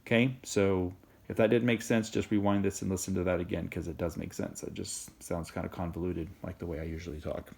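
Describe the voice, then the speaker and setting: A man teaching Spanish in a recorded video lesson, explaining in a relaxed, rambling way and checking in with "okay?" and "right?". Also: low voice, brisk, vocal fry.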